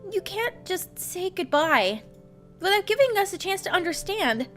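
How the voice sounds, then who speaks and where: Woman voicing indignant young male college student, pleading, lively pitch, faint background music. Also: normal speed, heavily acted.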